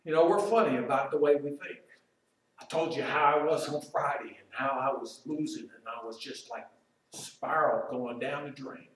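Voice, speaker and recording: A man preaching a sermon, turning loud and emphatic as he quotes, then dropping quiet and slow to reflect. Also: mid-range voice. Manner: emphatic, rises loud when quoting Job, drops quiet and slow to reflect. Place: church sanctuary. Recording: very echoey room, voice from far off.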